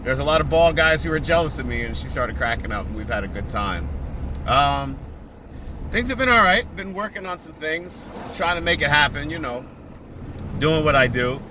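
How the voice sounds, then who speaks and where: A man's voice: on the high side, animated, normal speed. A man chatting casually while driving in traffic, laughing and telling stories with quoted voices. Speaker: vlogger. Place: car in traffic. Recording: car and road noise. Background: traffic noise.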